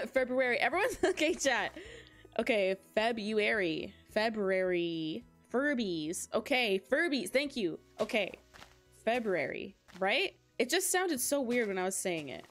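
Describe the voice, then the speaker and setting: A woman's voice: fairly high pitch, big pitch swings, unhurried, soft background music. A woman of twenty-five hosting a casual gaming livestream, chatty and giggly as she talks straight to her chat on a close mic. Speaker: livestream host.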